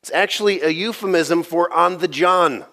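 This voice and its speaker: Animated man preaching a sermon. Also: high voice, moderate pace. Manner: animated storytelling, acts out quotes with sarcasm; laughs between lines. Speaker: pastor.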